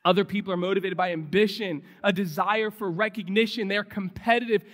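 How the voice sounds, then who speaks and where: A man in his thirties preaching a sermon as pastor, talking in an animated, conversational way. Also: sits high, a little fast. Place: church sanctuary. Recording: long hall reverb.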